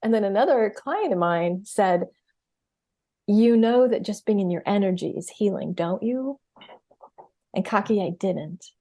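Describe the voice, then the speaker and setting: A woman's voice: mid-range voice, a little mellow. A middle-aged woman speaking as a podcast guest in casual conversation, telling stories with energy and acting out her own reactions. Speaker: podcast guest, healer and coach. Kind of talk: casual interview chat.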